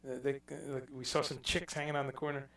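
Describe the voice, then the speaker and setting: Middle-aged guy rambling on a livestream, kinda gravelly, sounds far off in an echoey room. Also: medium pitch, fast talker. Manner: animated, rambling, reads viewer comments aloud. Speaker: host. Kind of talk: casual livestream chat.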